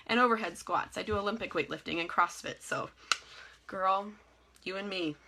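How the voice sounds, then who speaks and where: A woman's voice: mid-range voice, normal speed. A young woman giving a casual, encouraging live motivational talk to her team over a webcam. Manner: energetic, encouraging, chatty with frequent laughs. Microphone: phone or webcam in a live video.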